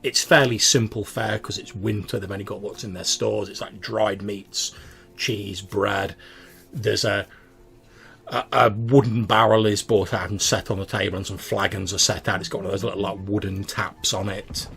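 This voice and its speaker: A man narrating a tabletop roleplaying game as game master, casual and rambling with plenty of fillers. His voice is low and gravelly. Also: level tone, normal speed, a bit bright, soft background music.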